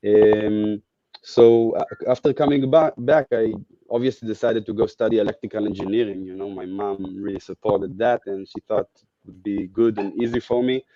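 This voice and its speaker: A man's voice: fairly low pitch, fairly even intonation, normal speed, dark tone, lo-fi sound. A man from Israel, a podcast guest talking casually and thoughtfully, searching for his words. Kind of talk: casual reflective chat.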